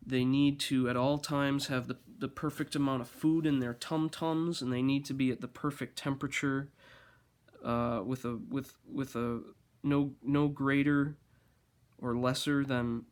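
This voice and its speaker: A man speaks at an ordinary middle pitch in a loose, rambling monologue. He talks with dry sarcasm and mock-grand formality, often stopping and restarting his sentences.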